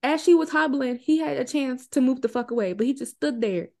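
A woman's voice: high-pitched, brisk, creaky, warm tone. A woman podcast co-host recapping a movie plot in a conversational, wry and indignant way.

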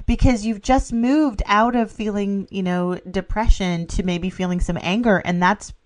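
A woman's voice: mid-range voice, steady tone, normal speed. A middle-aged woman co-hosting a casual spiritual podcast, enthusiastic, laughing often and filling with "you know". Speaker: podcast co-host.

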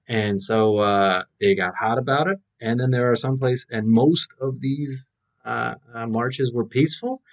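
A man co-hosts a lo-fi podcast, rambling through casual political chat with lots of fillers and restarts. His voice is medium in pitch and his pace is measured.

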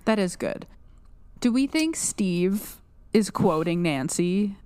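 A woman's voice: medium pitch, animated, takes it slowly, dark tone, clear, resonant tone, no echo. A woman with a New Jersey accent co-hosting a casual podcast, chatting and laughing as she quotes lines from the show. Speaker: podcast co-host. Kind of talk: casual chat.

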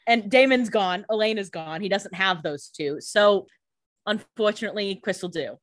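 A woman co-hosting a podcast, chiming in with quick comments and jokes while recapping a TV episode. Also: medium pitch, no room sound. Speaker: podcast co-host.

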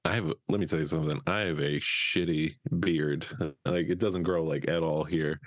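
Casting: deep-voiced man with a slight cold, joking and self-deprecating as a podcast co-host, dry close sound. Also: fairly even intonation, moderate pace, no room sound. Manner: jokey, self-deprecating, laughs often. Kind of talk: casual podcast chat.

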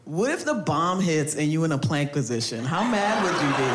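A woman's voice: low voice, big pitch swings, normal speed, few pauses. A woman doing a stand-up set, swearing a lot, laughing at her own jokes and sounding incredulous. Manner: profane, incredulous, laughing through punchlines. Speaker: stand-up comedian. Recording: echoey live room with noise.

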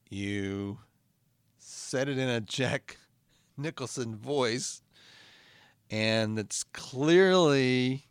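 A man's voice: medium pitch, clean tone, dry recording, clean studio sound. A man hosting an improvised comedy podcast, giggly and eager as he plays along. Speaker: podcast host.

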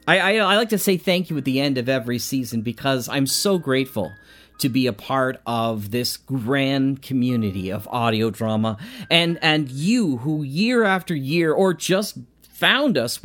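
A man hosting an audio drama podcast, eager and stumbling over restarts as he acts and chats. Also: fairly high pitch. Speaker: podcast host. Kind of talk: audio drama acting and casual thank-you chat.

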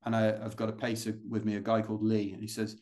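A man's voice: on the low side, monotone, fast, darkish tone. A British man, a guest on a podcast, telling long stories in a chatty, rambling way with plenty of fillers and restarts. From United Kingdom. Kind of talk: casual interview storytelling.

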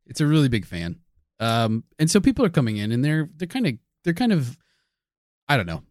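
Comedy co-host, male, playful improviser, lively intonation, dry close recording. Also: medium pitch, a little fast, no echo. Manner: playful, building on partner's jokes.

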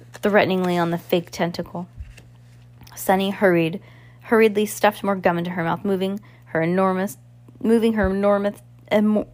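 A woman's voice: fairly low pitch, a little mellow. A woman reading a novel aloud in an unpolished way, with stumbles and restarts. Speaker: reader.

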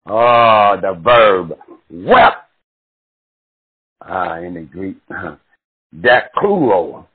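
A man preaching a sermon with passion, swinging from shouted cries to hushed murmurs and drawing out words slowly. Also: deep voice, animated, breathy edge. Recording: tinny phone-like recording.

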